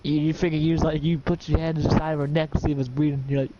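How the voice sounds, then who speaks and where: Man, game master, excitable swearing narration, sound effects, somewhat high voice, noisy recording. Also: very fast, muffled recording.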